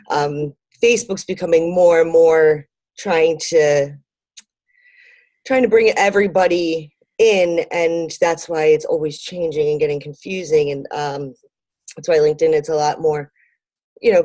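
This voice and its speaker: A woman's voice: low voice, mellow, no room sound. A woman being interviewed about her marketing business, talking casually with frequent fillers and light laughs. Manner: lots of ums and fillers, laughs easily. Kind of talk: conversational interview.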